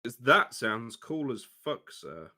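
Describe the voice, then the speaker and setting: A man's voice: medium pitch, very animated, slow, bright, forceful tone. A man co-hosting a casual podcast, bantering and swearing. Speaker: podcast co-host. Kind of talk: casual chat.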